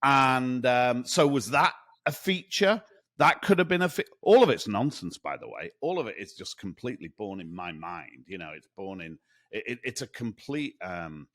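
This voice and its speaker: A man co-hosting a sales podcast in casual chat, rambling and animated, with many restarts. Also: mid-range voice, normal speed. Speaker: podcast co-host.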